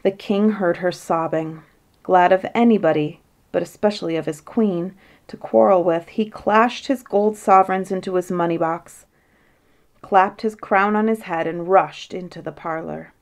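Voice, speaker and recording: A woman reading a bedtime fairy tale aloud with a gently expressive delivery and a voice a little lower than most women's. She stretches key phrases slowly for effect. The telling is calm and storybook-like.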